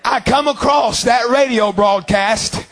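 A man's voice: extremely high pitch, takes it slowly, fairly bright tone, voice pushed up, full character voice. A man retelling an old camp survivor, earnest. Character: haunted old male camp survivor, grateful.

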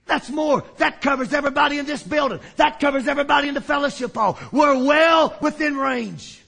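A male preacher telling a story in a sermon, dramatic and often shouting for emphasis. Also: extremely high pitch, fairly quick, vocal fry.

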